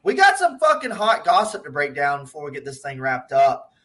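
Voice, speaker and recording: Guy cohosting a podcast, bright forceful voice, swears constantly, a little high. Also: fairly quick. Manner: animated, swears a lot, laughs often. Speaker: podcast co-host. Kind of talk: casual profane chat.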